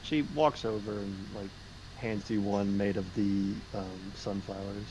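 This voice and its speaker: A man runs a tabletop game, narrating haltingly with frequent fillers. His voice is low, and a steady noise sits under the home recording. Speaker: game master.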